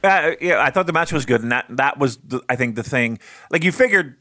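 A man co-hosting a podcast, talking in a rambling, excitable way and swearing freely. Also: mid-range voice, a little fast, dry recording, studio quality. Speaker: podcast co-host. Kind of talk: casual wrestling review chat.

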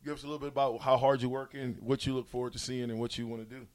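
A man's voice: mid-range voice, very fast. A man hosting a sports radio show, teasing his guests in casual banter. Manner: teasing, animated, joking.

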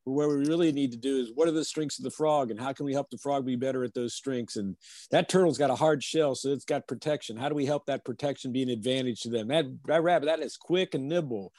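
A man coaching on a video call, calm and measured as he explains and tells a teaching story. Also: mid-range voice, dry recording.

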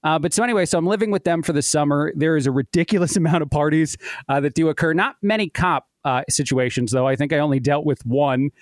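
A man's voice: on the high side, fast, no room sound, studio quality. A man in his thirties, a podcast guest, telling a long personal story in a chatty way and laughing at his own tale. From United States. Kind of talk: casual storytelling.

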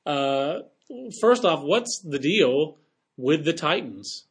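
A man co-hosting a baseball podcast, talking in a quick, chatty way with joking asides. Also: a little high, animated, slightly rough. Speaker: podcast co-host. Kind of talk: casual sports talk.

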